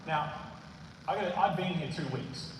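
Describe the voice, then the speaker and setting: An Australian man preaching a sermon, telling a story with lively delivery and acting out the voices he quotes. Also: on the high side, moderate pace. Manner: animated, acts out quoted voices. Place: large church hall. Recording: echoey church hall, distant mic, background noise.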